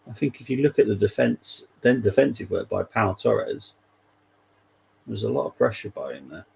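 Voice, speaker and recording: A man's voice: lowish voice, lively intonation, normal speed, creaky, a little mellow, breathy edge, low-quality recording. A man hosting a live football watchalong, chatting casually and wryly and laughing often. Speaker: fan channel host.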